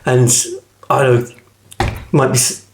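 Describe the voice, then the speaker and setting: A man's voice: medium pitch, flat delivery, measured pace, vocal fry, slight background noise. A middle-aged man, chatting as an interview guest and acting out quoted voices as he tells stories. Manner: chatty storyteller, acts out quotes, many restarts. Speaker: guest actor. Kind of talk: casual interview chat.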